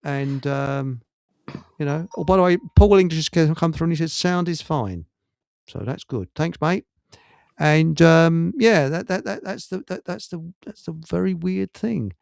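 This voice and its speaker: A man's voice: fairly high pitch, a little slow, creaky, a little mellow, no echo, studio quality. A man hosting a live radio chat with a Hertfordshire accent, joking and rambling with many fillers and restarts. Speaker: radio show host.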